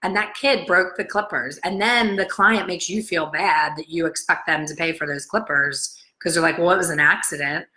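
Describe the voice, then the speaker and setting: A middle-aged salon owner and hair colorist coach gives a casual, blunt motivational talk to camera, chatty and animated, acting out the people she quotes. Her voice is lowish at a moderate pace with hardly any pauses, and the recording is low quality.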